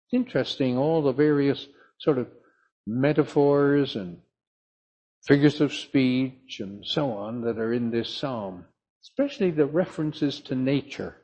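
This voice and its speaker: An older man from the south of England, preaching a sermon in a slow, emphatic storytelling manner. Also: mid-range voice, a little mellow, lo-fi sound.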